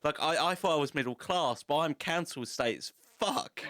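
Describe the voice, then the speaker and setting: A man's voice: fairly high pitch, normal speed, fairly bright tone, no echo, studio quality. Sweary man hosting a podcast. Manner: sweary, laughing banter. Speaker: podcast host. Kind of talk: casual chat.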